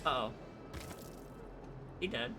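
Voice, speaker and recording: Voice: medium pitch, animated, slow, loud music behind the voice. A game streamer chatting casually at home, rambling, laughing often and swearing offhand. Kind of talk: casual gameplay commentary. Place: home room.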